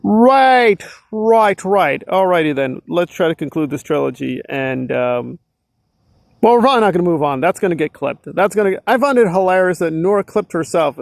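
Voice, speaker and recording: High-voiced sarcastic man ranting. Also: expressive, brisk, gravelly, no echo. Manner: sarcastic, exasperated, many filler likes. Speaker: commentary vlogger. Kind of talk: casual ranting commentary.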